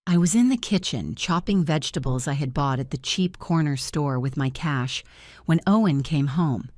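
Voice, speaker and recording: A woman narrating a first-person family drama story in a measured, dramatic way. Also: low-pitched, expressive, darkish tone, dry recording, studio quality.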